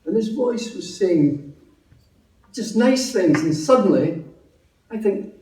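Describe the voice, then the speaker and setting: Scottish man, testimony speaker, humorous and chatty, mellow tone, recorded off-mic in a roomy hall. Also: high voice, animated, slow, far from the mic. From Scotland. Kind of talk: personal testimony at a meeting.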